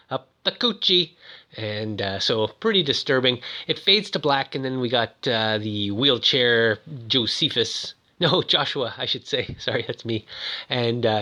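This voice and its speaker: A man's voice: medium pitch, sharp tone, dull audio. A man giving a rambling, jokey, casual recap of a film as its host.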